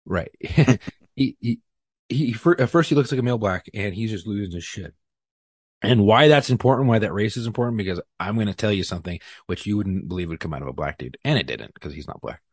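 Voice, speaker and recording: A man telling a profane, animated story on a podcast, acting out the lines people said. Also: fairly low pitch, brisk, husky, no echo, studio quality. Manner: profane, animated retelling with acted-out quotes. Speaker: podcast guest. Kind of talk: casual storytelling.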